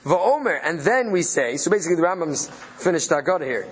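A man's voice: on the high side, very animated, quick pace, husky. A man leading a study session, reading out Hebrew phrases and translating them as he thinks aloud. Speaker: Torah study leader.

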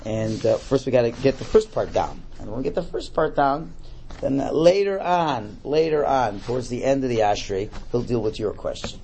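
A male religious teacher with a medium-pitched voice leads a class on a prayer text at a moderate pace, with slight background noise. Animated, he poses questions and answers them himself, often repeating words as he explains.

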